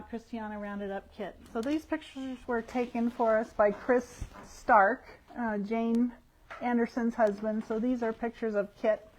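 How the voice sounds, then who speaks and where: A woman's voice: on the high side, a little hiss or hum, poor audio. A woman who owns a yarn shop, chatting casually through the week's events on a shop livestream. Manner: chatty, rambling, warm with regulars.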